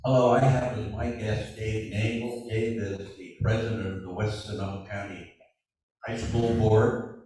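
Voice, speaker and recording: Very deep-voiced man in a big echoey hall. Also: level tone, measured pace, warm tone, recorded from a distance, a little hiss or hum. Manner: hesitant, with many uhs and ums. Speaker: club member introducing a guest. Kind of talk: informal introduction at a meeting.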